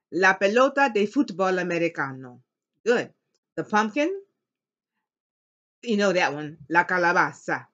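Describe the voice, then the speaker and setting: A woman teaching an elementary Spanish class, slowly modeling words for students to repeat and cheering them on. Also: fairly low pitch, fairly bright tone. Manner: upbeat and encouraging. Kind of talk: classroom language lesson. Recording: dull lo-fi classroom recording.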